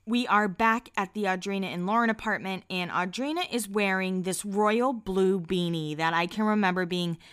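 A young woman casually recapping a reality show, chatty and gossipy, with quick asides. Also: medium pitch, fairly even intonation, fairly bright tone, clear, resonant tone, no room sound, studio quality.

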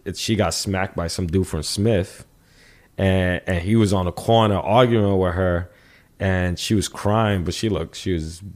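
A man with a very low voice, talking loosely as an interview guest. He rambles, restarts his sentences and swears often as he tells his story. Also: fairly even intonation, measured pace, a little mellow. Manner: rambling with frequent restarts and profanity. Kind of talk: casual storytelling.

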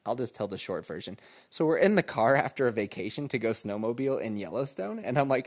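A man's voice: medium pitch, very animated, moderate pace. A podcast host, a man, telling a casual, laid-back story, laughing often and calling listeners "man".

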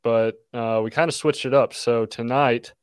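A laid-back male podcast host with a smooth, resonant voice, easing through channel plugs with plenty of "uh"s and "um"s. His voice sits at an everyday middle pitch, and the close mic sounds dry with no room around it. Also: normal speed, dry recording. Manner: relaxed, plugs channels with filler words. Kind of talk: casual chat.

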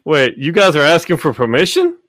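Fairly high-pitched and a bit bright, his voice swoops wildly as he talks a little fast. He's a podcast host chatting casually, rambling, cursing, and full of fillers, in clean studio sound with no room noise.

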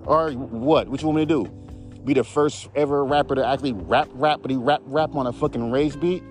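A man's voice: medium pitch, fairly quick, darkish tone, soft background music. A man who raps, ranting in a casual, profane, heated way on his podcast. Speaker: podcast host, rapper. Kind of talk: casual rant.

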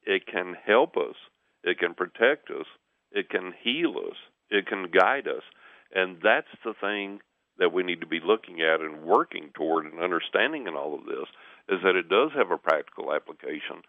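A man telling stories in a relaxed conversation, lively as he acts out what others said. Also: sits low, normal speed, no room sound. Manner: animated storyteller, acts out quoted voices. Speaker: guest. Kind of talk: conversational storytelling. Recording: tinny phone line.

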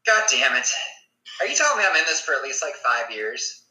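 Excitable young man, bright voice. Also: medium pitch, fairly quick. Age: 20s. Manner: excitable, laughing, swearing freely. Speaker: podcast co-host. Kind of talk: casual chat. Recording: echoey room sound.

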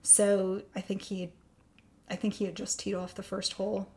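A woman guest on a podcast, telling a personal story with lively quoted dialogue that turns soft and quiet on the hard parts. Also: medium pitch, normal speed. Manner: animated, acts out quoted dialogue.

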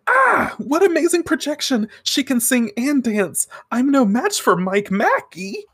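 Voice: mid-range voice, animated, moderate pace, no echo, clean studio sound, pitched above the performer's own voice, close to an everyday voice. A podcast host voicing a young comic heroine and pop idol, making grand theatrical declarations. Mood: mock awe.

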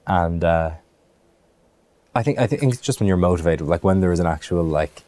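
A man's voice: deep voice, normal speed, warm tone. A man from Ireland, an actor, answering interview questions in a thoughtful way, with many restarts and fillers.

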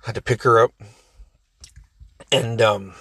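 A man's voice: medium pitch, fairly even intonation, slow, bright, forceful tone, husky, dry recording, studio quality. A man in his forties casually telling a family story, rambling, cursing and laughing often.

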